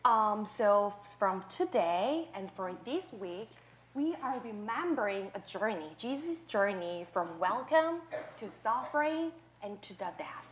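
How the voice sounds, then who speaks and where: A woman leading a children's message and prayer, speaking simply with pauses and fillers. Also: medium pitch, very animated, a little hiss or hum. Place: church sanctuary. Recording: echoey church sanctuary.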